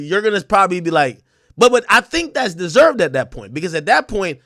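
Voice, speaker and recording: A Jamaican man talks bluntly in a casual livestream rant. His voice sits high and swings widely as he gets worked up. The sound is dry and close, with no room in it. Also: no echo. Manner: animated, blunt, repeats words when getting going. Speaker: streamer and media personality.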